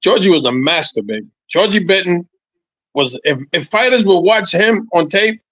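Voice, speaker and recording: A man's voice: high-pitched, normal speed, no echo, highs cut off. Profane storytelling man in his sixties. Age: 60s. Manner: animated storytelling, profane, repeats phrases. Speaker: interview guest, former boxer. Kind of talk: casual podcast chat.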